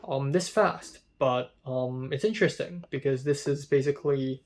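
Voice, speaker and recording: A man talking casually about a film festival line-up, rambling with many fillers and growing excited at times. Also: medium pitch, moderate pace. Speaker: film reviewer. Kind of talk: casual vlog commentary.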